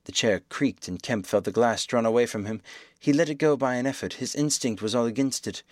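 A man reading a novel aloud as audiobook narration, in steady, measured storytelling. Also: mid-range voice, no echo, studio quality.

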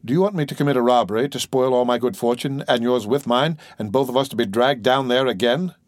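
A man's voice: mid-range voice, fast talker, no echo, clean studio sound, close to an everyday voice. A man voicing a guarded, scheming young man of twenty-one in a storybook reading, curt and evasive. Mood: alarmed.

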